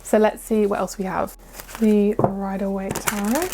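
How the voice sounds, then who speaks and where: A woman's voice: medium pitch, little pitch movement, measured pace, background noise. A woman giving a pick-a-card tarot reading to her viewers, chatty and encouraging, often stumbling over hard words. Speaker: tarot reader.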